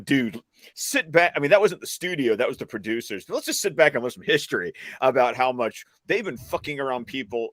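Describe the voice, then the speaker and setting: A man's voice: medium pitch, a bit bright, no room sound. Ranting man on a dry mic, swearing freely. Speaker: panel guest. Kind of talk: casual panel chat.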